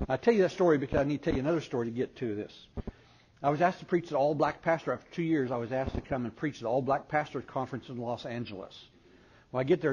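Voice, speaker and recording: A man preaching with humor to a conference crowd, spinning stories and putting on the voices of people in them. His voice sits a bit high for a man. The recording is muffled and lo-fi with a light hiss behind it. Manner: animated storyteller who acts out voices. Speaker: speaker at a parenting conference. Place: conference hall before an audience. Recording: dull lo-fi recording with faint noise.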